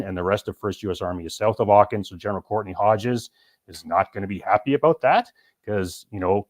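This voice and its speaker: A man with a lowish voice, a military historian who teaches urban operations, appears as a guest and gives the show's host a detailed, explanatory presentation.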